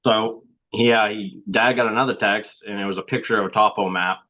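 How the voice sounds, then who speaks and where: Young man with a low, flat, tense voice. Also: moderate pace, rough recording. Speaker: guest. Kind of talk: casual storytelling.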